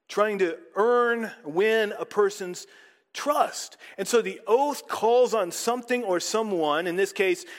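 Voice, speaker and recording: A man's voice: high voice, long reverb tail. A man preaching a sermon in a conversational way, often putting questions to the audience.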